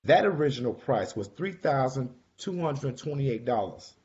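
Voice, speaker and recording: A man organizing a group cruise talks casually and directly to his online group, calling people out by name and repeating his points in a chatty way. His medium-pitched voice is expressive and darkish at a moderate pace, on a slightly dull lo-fi recording.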